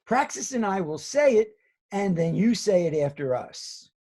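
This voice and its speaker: A male drama teacher leads children through voice warm-ups, speaking slowly and patiently. His tone is a little husky, and his pitch rises and falls freely as he counts and models each sound. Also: sing-song. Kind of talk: guided classroom instruction.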